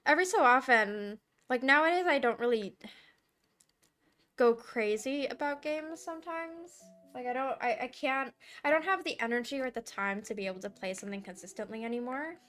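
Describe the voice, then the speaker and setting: A woman's voice: high voice, normal speed. A young woman art streamer chatting casually and giggling while she draws, sometimes cooing baby talk at her cat. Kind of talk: casual chat while drawing. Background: soft background music.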